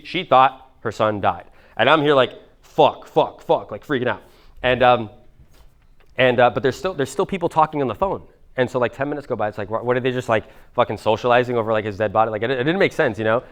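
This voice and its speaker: Young guy rambling through a story fast, super clear voice, swears a lot. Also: medium pitch, fairly bright tone. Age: 20s. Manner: casual, rambling, profane. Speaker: motivational speaker. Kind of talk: live seminar storytelling.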